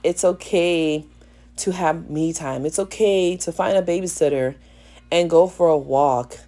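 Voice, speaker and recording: A woman hair stylist with a gravelly morning voice, chatting playfully to viewers in a salon vlog. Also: sits low, unhurried, warm tone. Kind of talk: casual voice-over vlog chat. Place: salon suite.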